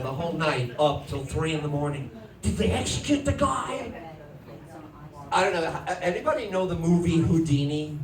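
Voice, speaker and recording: A middle-aged man tells a stand-up story on a comedy club stage, acting out family voices and shouting the big moments. His pitch swoops widely. He is picked up from a distance in an echoey room with audible noise. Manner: animated, acts out family voices, shouts punchlines.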